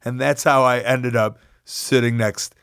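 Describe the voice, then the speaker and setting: A man hosting a podcast who tells a story in an animated, self-mocking way and swears freely. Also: mid-range voice, a little slow, smooth, no room sound, clean studio sound. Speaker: podcast host. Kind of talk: storytelling monologue.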